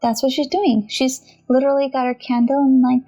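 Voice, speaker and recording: A woman's voice: high voice, a little fast, soft background music. Chatty, giggly woman teaching tarot. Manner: chatty, giggly, animated, talks to viewers directly. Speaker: tarot reader and channel host. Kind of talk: casual tarot tutorial.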